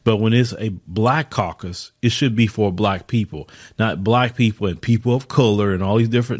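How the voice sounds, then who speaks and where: A man's voice: on the low side, normal speed, hardly any pauses. A man hosting a podcast, giving an emphatic opinion monologue with rhetorical questions and repeated words for stress, speaking. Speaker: podcast host.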